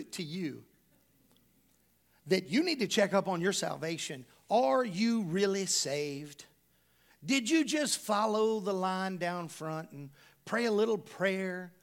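A middle-aged male pastor preaching a sermon, emphatic and conversational, full of rhetorical questions to the congregation. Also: sits high.

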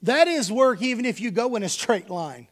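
A man's voice: very high voice, sing-song, normal speed. A man from Texas, preaching a sermon full of folksy personal stories and calling his congregation y'all.

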